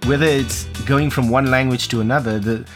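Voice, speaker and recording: A man's voice: mid-range voice, fairly even intonation, over music. Conversational male podcast host. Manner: conversational, asks quick follow-ups. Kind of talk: interview questions and sponsor read.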